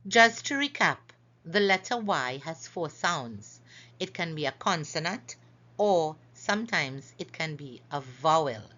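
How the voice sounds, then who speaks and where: A woman narrates a phonics lesson over slides, speaking slowly and carefully and stretching out each example word as she sounds it out. Her bright voice sits a little low and has lively intonation. The recording is somewhat dull and lo-fi.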